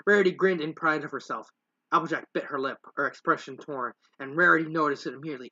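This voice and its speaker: A man's voice: mid-range voice, quick pace, bright, forceful tone, muffled recording. A man reading fanfiction aloud, rambling and stumbling over words, with self-mocking asides. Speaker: fanfiction reader. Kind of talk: casual story reading with asides.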